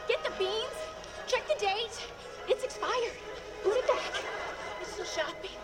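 An actress in a TV clip, playing a playful woman miming a shopping-cart dance, with loud music under her. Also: extremely high pitch, measured pace.

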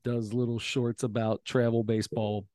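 A man co-hosting a casual podcast chat, rambling and animated, often fumbling for names. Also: medium pitch, moderate pace, no echo, studio quality. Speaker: podcast co-host.

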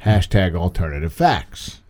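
A man co-hosting a podcast, chatting casually about politics in a joking, animated way. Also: low voice, measured pace. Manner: animated, joking, talks in bursts. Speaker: podcast co-host.

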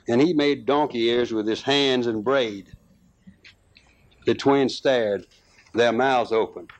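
At a medium pitch and an unhurried pace, a man narrates a rural tale aloud, with small restarts and fillers along the way.

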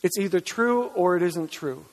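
A man with a high voice preaches an earnest, emphatic sermon and reads scripture between his points. His words ring out with a long reverb, as in a large church hall. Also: moderate pace, a little mellow. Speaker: pastor.

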